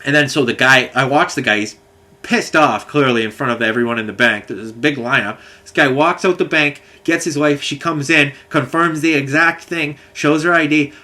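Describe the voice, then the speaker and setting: A man's voice: mid-range voice, moderate pace, sharp tone. A man telling a long, angry, rambling story, swearing often. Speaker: vlogger. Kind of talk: ranting monologue.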